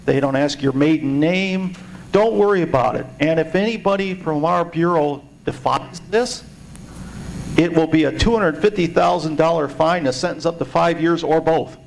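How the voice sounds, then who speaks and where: Midwestern man, slightly high gravelly voice, joking and indignant meeting speaker. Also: moderate pace, a little hiss or hum, low-quality recording. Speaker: party member giving a presentation. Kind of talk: informal speech to a meeting.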